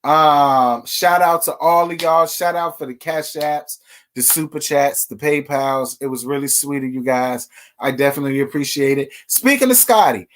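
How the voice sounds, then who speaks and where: This man's voice runs a little high with a fairly bright tone. Hosting a reality TV gossip livestream, he's sassy and talkative, speaking directly to the audience.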